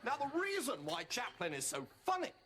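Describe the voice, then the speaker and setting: An actor playing a boisterous, naive young lieutenant with gushing enthusiasm, in a noisy TV recording. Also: male voice, very high-pitched, wildly swooping pitch, fairly quick, bright, forceful tone, heavily acted. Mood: jolly. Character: jolly, naive upper-class young male lieutenant. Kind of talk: sitcom acting. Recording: noisy TV audio with studio laughter.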